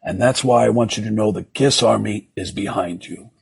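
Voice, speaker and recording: A man putting on a smug, slow-drawling impression of a rock star. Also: fairly low pitch, vocal fry, breathy edge, no echo, full character voice. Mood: flattering. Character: impression of a famous rock bassist, deep, smug.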